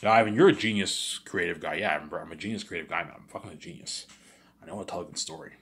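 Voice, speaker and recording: Deep-voiced man rambling a long story. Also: fast talker. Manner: rambling, repeats "he's like" and "you know what I'm saying"; swings into loud excited bursts. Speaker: streamer telling an imagined story. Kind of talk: rambling casual monologue.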